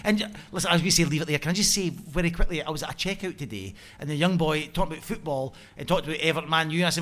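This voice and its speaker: Bright, fast-talking Scottish man. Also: fairly high pitch. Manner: jokey, quick banter. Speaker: host. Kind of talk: casual chat.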